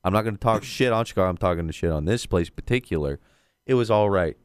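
Man, casual co-host, lower voice, lively and profane storyteller, dry sound. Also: quick pace, clean tone, no room sound. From Southern California. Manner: animated storytelling, swears a lot. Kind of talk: casual chat.

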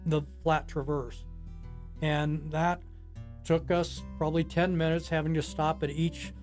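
Guy in his 60s telling his ski story, kinda flat delivery, soft guitar under it. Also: on the high side. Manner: plain, unhurried storytelling with many pauses and "you know". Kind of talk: recounting a personal story in an interview.

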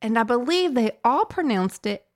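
A woman joining a true-crime podcast as a guest, tossing in wry, quick asides during casual chat. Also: a little high, lively intonation.

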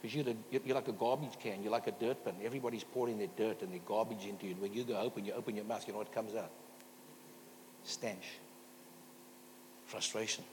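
Male guest preacher, storytelling sermon, long church reverb, faint hum. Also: on the low side. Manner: storytelling preacher calling for amens. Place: church hall.

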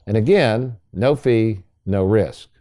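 A man's voice: on the low side, slow, dark tone. A man hosting a radio talk show as a financial advisor, folksy and salesy, speaking to listeners as folks.

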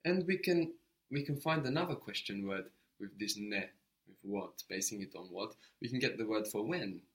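A man's voice: fairly low pitch, expressive, moderate pace, a bit bright. A man teaching a language lesson, explaining step by step and prompting his student to answer.

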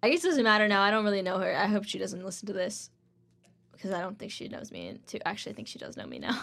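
A woman's voice: medium pitch, sing-song, fast talker, vocal fry, a bit bright. A woman in her twenties, a podcast co-host, chatting casually and telling rambling anecdotes full of "like" while acting out the people in them. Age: 20s.

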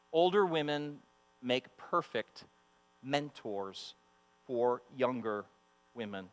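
A man's voice: on the high side, a bit bright. A man preaching a sermon to the women of a congregation, emphatic and fond of repeating his phrases. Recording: long hall reverb with mains hum.

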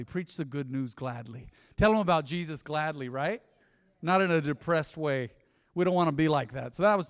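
Man, middle-aged, pastor, upbeat sermon, slightly high voice, long church reverb. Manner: animated, swings from loud exhortation to soft asides. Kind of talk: lively sermon. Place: church sanctuary.

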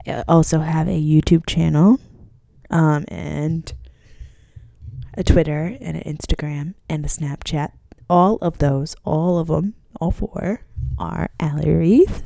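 A woman's voice: low voice, creaky, warm tone, no room sound, studio quality. A young woman who is sick and coughing, chatting casually in a sarcastic, self-mocking, rambling way. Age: young adult. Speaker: vlogger. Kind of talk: casual chat.

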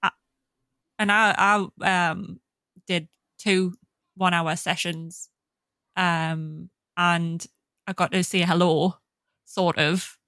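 A woman with a northern English accent speaking in a measured, thoughtful way during a casual chat. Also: fairly low pitch, fairly bright tone, no echo.

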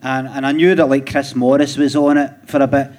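A man's voice: mid-range voice, level tone, fairly quick, a little mellow. A Glaswegian man guesting on a live podcast, telling stories in a rambling way with restarts and dry chuckles. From Scotland. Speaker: comedian guest. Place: theatre stage before a live audience. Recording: live theatre with audience noise.

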